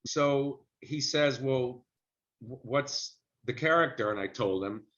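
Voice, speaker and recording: A middle-aged man with a mid-range, fairly bright voice speaks slowly, recounting a story from his acting career during an interview. He's chatty and anecdotal, slipping into character voices whenever he quotes someone. The recording sounds muffled and lo-fi.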